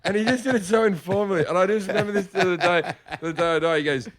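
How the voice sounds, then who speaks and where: A man's voice: sits high, very fast. A man co-hosting a comedy podcast, telling crude stories and laughing mid-story. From Australia.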